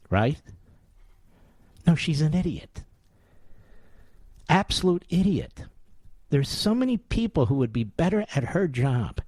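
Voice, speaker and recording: A man's voice: on the high side, sing-song, slow, long pauses, darkish tone, no echo. A man in his sixties hosting a radio talk show, giving combative, sarcastic political commentary full of rhetorical questions. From United States. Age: 60s.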